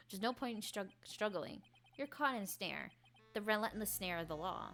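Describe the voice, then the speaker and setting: A woman voicing a cool, self-assured male prosecutor in a lowered, smooth voice. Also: lively intonation, a little slow, a bit bright.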